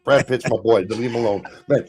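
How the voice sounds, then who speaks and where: A man's voice: mid-range voice, fairly quick, a little mellow, husky, faint music behind. Laughing, swearing man in casual chat. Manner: laughs often, swears casually, repeats himself. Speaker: podcast guest.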